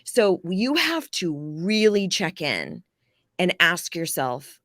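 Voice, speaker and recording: A woman life coach explaining ideas in a casual, animated podcast interview, with occasional swearing. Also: on the low side, slow pace, no room sound, studio quality. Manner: animated, explanatory, acts out quoted people.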